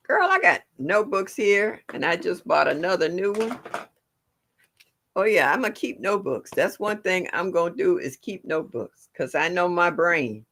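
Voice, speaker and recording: Gravelly, bright-voiced woman chatting live. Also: lowish voice, big pitch swings, moderate pace. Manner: chatty, laughs often, talks straight to her viewers. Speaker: livestream host. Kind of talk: casual chat with live viewers.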